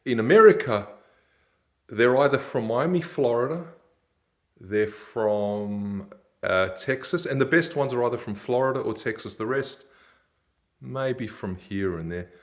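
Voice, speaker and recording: A man's voice: mid-range voice, unhurried. A man, ranting in a rambling, sardonic monologue and laughing at his own jokes. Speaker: vlogger.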